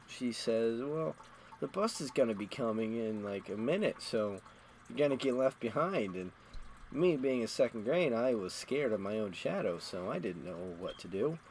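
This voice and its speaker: A man's voice: mid-range voice, lively intonation, normal speed, darkish tone, a little hiss or hum, poor audio. A man streaming a game, rambling through crude, self-mocking stories in a casual storytelling way. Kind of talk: casual storytelling while gaming.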